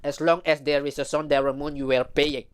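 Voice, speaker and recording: Man, fairly high pitch, smooth clear voice, emphatic ranting commentary. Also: little pitch movement, a little fast. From Suriname. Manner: emphatic, heated, preachy.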